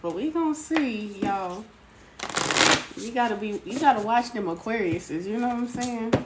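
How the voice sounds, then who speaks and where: A woman's voice: fairly high pitch, lively intonation, normal speed. A woman hosting a casual live tarot stream, greeting viewers by name and calling them sweetheart. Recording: noisy home recording.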